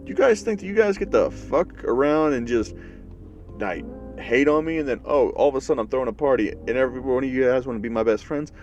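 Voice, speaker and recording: A man's voice: mid-range voice, lively intonation, a little fast, dull audio, soft background music, voice pushed up, lightly acted. A man voicing a cocky, hot-tempered young male hero who swears and mocks others. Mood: mocking. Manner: swearing, sarcastic, shouty when riled.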